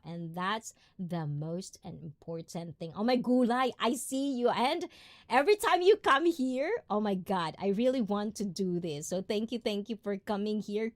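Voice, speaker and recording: A woman hosting a casual live stream, greeting viewers and reading their comments in a chatty, giggly way. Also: mid-range voice. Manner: chatty and giggly, often trailing into laughter. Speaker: livestream host.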